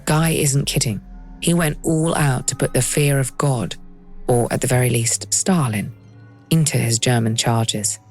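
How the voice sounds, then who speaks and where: A woman hosting and narrating a documentary podcast in a measured, lightly wry scripted style. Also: rumbling low, darkish tone, faint music behind.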